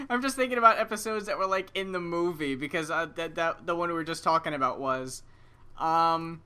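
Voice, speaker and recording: A co-host talking loosely on a podcast, backtracking while trying to recall old TV episodes. The voice is mid-pitched with a bright edge. Swearing and laughter come easily. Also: a little fast, clean tone. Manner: rambling, laughs along, swears casually. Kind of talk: casual chat.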